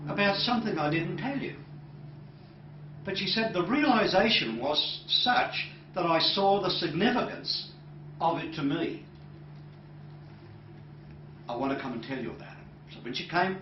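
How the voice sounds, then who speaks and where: Male hypnotherapist lecturer, slightly high voice, unhurried anecdote with many pauses, captured distant and roomy. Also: animated, lo-fi sound, background noise. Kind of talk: recounting a client case to an audience.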